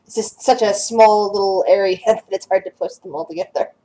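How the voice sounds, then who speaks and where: A woman narrating as game master of an online tabletop game, halting and restarting as she describes scenes. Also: medium pitch, mellow, low-quality recording.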